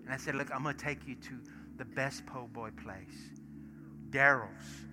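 A man, a pastor preaching in church and acting out stories, swinging from hushed asides to loud bursts. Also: medium pitch, a little slow, very noisy. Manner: animated storyteller, acts out dialogue, swings from hushed to shouting. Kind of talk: sermon with storytelling. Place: church sanctuary. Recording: music playing behind sermon. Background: soft worship music.

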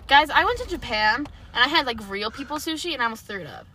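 A young woman co-hosting a casual chat podcast, playful and quick to laugh. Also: high voice, expressive, sharp tone, a little hiss or hum. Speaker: podcast co-host.

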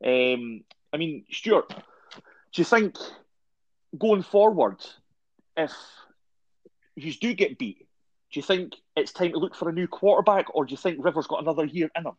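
A man's voice: a little high, animated, measured pace, long pauses, no room sound. A man hosting a casual sports podcast, rambling with lots of "I mean" and "um". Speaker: podcast host. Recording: dull, dry lo-fi audio.

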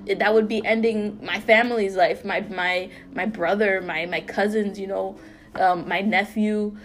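A young woman co-hosting a podcast, telling a painful personal story in an earnest, halting way full of fillers and restarts. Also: medium pitch, a little hiss or hum. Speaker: podcast co-host.

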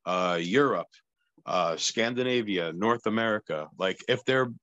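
A man co-hosting a podcast in casual chat, halting and repeating words as he searches for them. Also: lowish voice, fairly bright tone, dry recording, highs cut off.

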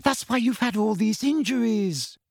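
A man doing a shrill, frightened teenage witch. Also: normal speed, dry recording, studio quality. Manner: shrill, whispering, sarcastic. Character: frightened teenage schoolgirl witch, sharp and anxious.

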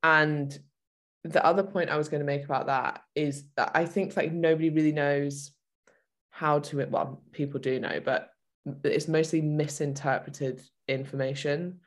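A woman's voice: sits low, fairly even intonation, unhurried. A woman from the UK co-hosting a fitness podcast, chatting casually with lots of filler words. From United Kingdom. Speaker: podcast co-host, fitness coach.

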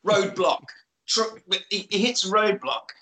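A man's voice: high voice, a little slow, sharp tone, low-quality recording. A man casually recapping an action film for friends, playfully acting out characters' lines as he goes. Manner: playful storyteller, acts out film lines in put-on voices. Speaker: podcast host recapping a film.

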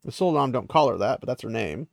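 A man's voice: medium pitch, expressive, fast, creaky, dry recording. A man paraphrasing the lines of a grim, resigned young captive woman, in a voice close to his own.

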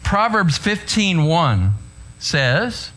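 A middle-aged man preaching a sermon in a conversational, storytelling way, often checking in with the congregation with quick asides. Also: fairly high pitch, big pitch swings, a bit bright. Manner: conversational, anecdotal preaching with frequent "right?" asides. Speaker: pastor.

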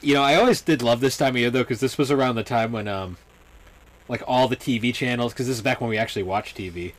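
A young adult man co-hosting a podcast, talking in a relaxed, rambling way while reminiscing. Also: mid-range voice, fast talker. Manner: relaxed, rambling, with fillers and restarts. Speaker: podcast co-host. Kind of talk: casual chat.

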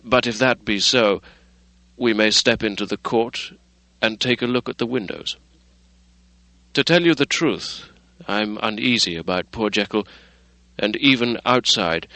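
A man's voice: on the low side, unhurried, pushed and bright, no echo, low-quality recording. A man reading an earnest, good-natured lawyer. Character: concerned, good-natured middle-aged male lawyer.

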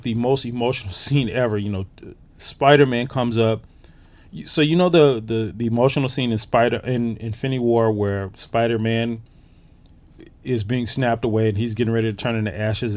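A man's voice: mid-range voice, darkish tone. A man hosting a podcast, giving a casual, enthusiastic movie review full of fillers and restarts. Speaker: podcast host.

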